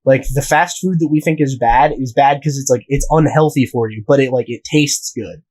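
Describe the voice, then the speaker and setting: A man's voice: mid-range voice, normal speed, darkish tone, husky, low-quality recording. A young man from the United States telling a rambling, profane story in casual podcast chat. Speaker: podcast host.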